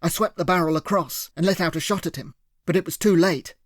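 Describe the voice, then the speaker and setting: A man narrating a first-person thriller audiobook with steady, clear storytelling. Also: a little high, brisk, no room sound, clean studio sound.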